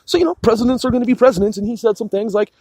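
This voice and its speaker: A man's voice: very high voice, animated, racing, a little mellow, slight background noise. A man on a heated political rant, swearing constantly, repeating and restarting his sentences.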